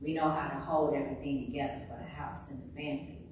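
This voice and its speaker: A woman minister preaching to a women's meeting, candid and expressive, calling for amens from her listeners. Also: very deep voice, fast talker, a little hiss or hum. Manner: call-and-response preaching, asks for amens; candid and expressive, voice rising with emotion. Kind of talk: sermon. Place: church meeting room. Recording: echoey hall from far off.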